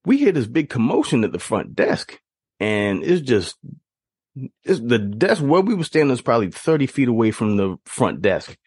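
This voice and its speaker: Husky, expressive male storyteller, casual, dry close sound. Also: medium pitch, no echo. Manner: animated, laughs through the telling. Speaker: podcast host.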